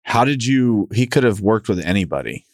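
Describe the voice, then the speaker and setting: A man with a lowish voice hosts a casual interview, breaking in with short reactions and loose, rambling questions. He sounds dry and close in the room. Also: very animated, brisk, no echo. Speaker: podcast host.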